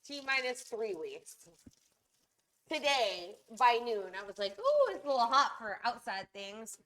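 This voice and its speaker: A woman's voice: fairly high pitch, sing-song, measured pace, fairly bright tone. A woman hosting a casual cooking livestream, chatting straight to her viewers.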